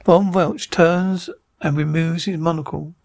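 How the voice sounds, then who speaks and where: A man reading a TV episode script aloud, with a plain, unhurried delivery. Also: a little high, steady tone, gravelly, darkish tone, no echo. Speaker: reader of a lost TV episode.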